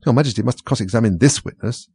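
A man voicing a nervous, respectful white rabbit who speaks in a hurried, deferential way. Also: medium pitch, mellow, husky, dry recording.

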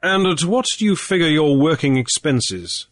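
Male reader playing a shrewd sea trader, airy and brisk, slightly raised voice, dry sound. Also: fairly high pitch, expressive, no echo, pitched above the performer's own voice, natural voice. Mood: cool, probing. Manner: brisk, airy, with little hesitations. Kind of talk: audiobook character voice.

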